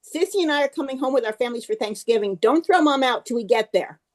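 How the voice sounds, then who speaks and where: A woman's voice: high voice, animated, fast talker, pitched above the performer's own voice. A woman voicing a worried grown son in a joke, pleading with his father.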